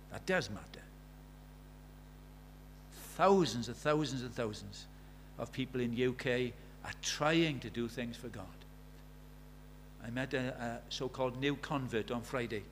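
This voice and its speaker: A man's voice: medium pitch, slight background noise. A man preaching a sermon, emphatic, repeating key phrases and asking the listeners rhetorical questions.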